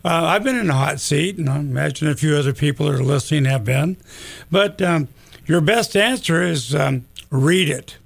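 A man talks in a rough, gravelly voice that sits a little higher than most. He rambles in a folksy way, scattering ums and uhs as he chats as a guest on a talk show. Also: normal speed. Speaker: gun store owner guest. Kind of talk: casual talk radio chat.

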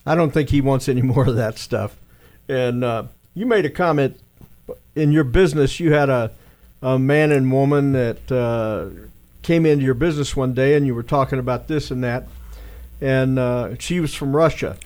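A man's voice: mid-range voice, moderate pace, darkish tone. Man, talk show host, casual, conversational, asks the guest questions. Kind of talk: casual talk radio chat.

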